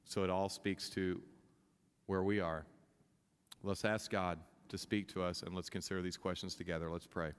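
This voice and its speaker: Guy preaching a sermon, kinda low voice, gets fired up and loud, lots of restarts, big echoey church. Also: flat delivery, moderate pace, clean tone. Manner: impassioned, rising in pitch and volume at climaxes, many restarts. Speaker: pastor. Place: church sanctuary. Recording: long reverb of a church hall.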